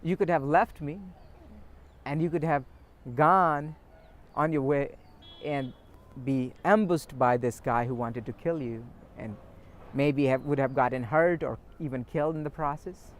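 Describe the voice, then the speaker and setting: A man voicing a calm, wise old hermit who patiently explains a lesson. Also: on the high side, unhurried, natural voice.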